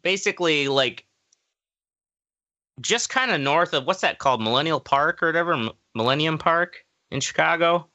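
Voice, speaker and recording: A man's voice: fairly high pitch, expressive, normal speed, sharp tone. A young man casually telling a long story on a podcast, rambling with fillers and laughs. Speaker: podcast co-host.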